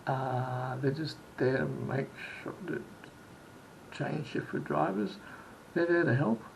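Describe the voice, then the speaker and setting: A man's voice: medium pitch, takes it slowly, vocal fry, slight background noise, poor audio. A man from Sydney telling a rambling travel story in a casual vlog, full of restarts and quoted exchanges. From Australia. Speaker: vlogger.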